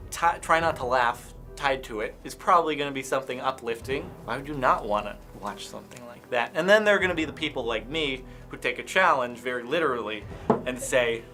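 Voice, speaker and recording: A man's voice: mid-range voice, expressive, a little fast, bright, forceful tone, faint music behind. A man answering interview questions casually, joking around. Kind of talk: casual chat.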